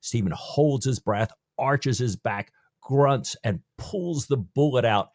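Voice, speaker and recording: A man's voice: mid-range voice, darkish tone, no room sound, studio quality. A man co-hosting a podcast, chatting casually about a novel and retelling scenes in an easy, agreeable way. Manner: chatty, quick to laugh and agree. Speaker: podcast co-host. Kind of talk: casual book discussion.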